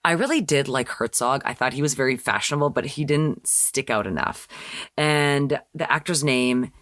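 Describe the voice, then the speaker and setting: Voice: medium pitch, animated, moderate pace, fairly bright tone, dry recording, studio quality. A young adult podcast host recapping a TV episode in a chatty way with sarcastic asides.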